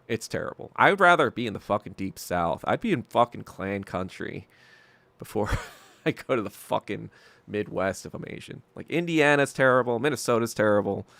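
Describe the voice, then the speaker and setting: Male podcast host, solo rant, gravelly and swearing, swings his pitch a lot. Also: no echo. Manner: profane, ranting, animated. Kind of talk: casual solo commentary.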